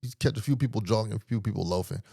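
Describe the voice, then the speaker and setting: A man's voice: fairly low pitch, rapid-fire, creaky, mellow, husky, no room sound, studio quality. A man hosting a podcast, telling a rambling story in a laid-back, profane and slangy way, acting out the lines of the people in it. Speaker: podcast host. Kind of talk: casual comedic storytelling.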